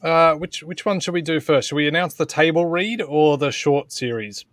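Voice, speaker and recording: A man hosting a casual aftershow chat, excitable and quick to gush. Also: a little high, no echo, studio quality. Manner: excitable, keeps saying "oh God". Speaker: host.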